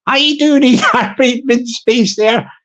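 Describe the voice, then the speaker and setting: A man playing an eager fellow pitching a money-making idea at a council meeting, excitable, repetitive and giggling. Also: unhurried.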